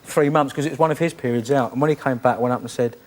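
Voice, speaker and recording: A man's voice: mid-range voice, rapid-fire, very noisy. A man who is a guest on a chat show, spinning a showbiz anecdote in a chatty way that tumbles over its own restarts. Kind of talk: telling an anecdote and a joke. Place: TV studio.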